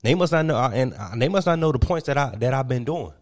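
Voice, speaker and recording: A man's voice: mid-range voice, expressive, fast talker, lightly acted. A man doing an indignant stammering ex-athlete. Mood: aggrieved. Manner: stammering, repeating himself, indignant. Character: aggrieved former pro basketball player, adult man. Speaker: prank caller.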